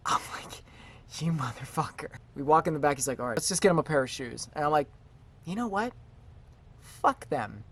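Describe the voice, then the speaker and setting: A young man who works in a shoe store, telling work stories in a casual vlog. He is animated and swears freely, and he acts out what people said. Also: a little high, no room sound. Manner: animated, profane, acts out quoted lines. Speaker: retail shoe store worker.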